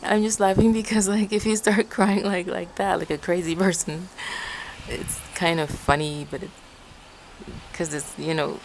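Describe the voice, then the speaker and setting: Rambling woman vlogger, low voice. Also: little pitch movement, normal speed, a little hiss or hum, poor audio. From Ecuador. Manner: rambling, repeats herself, often addresses viewers as guys. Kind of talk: casual personal storytelling.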